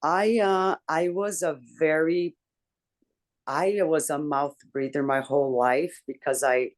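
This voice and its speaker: A woman in a casual group chat, telling a personal story candidly with swearing and lots of halting restarts. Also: low voice, steady tone. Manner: talks in halting restarts and fillers. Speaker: book club member.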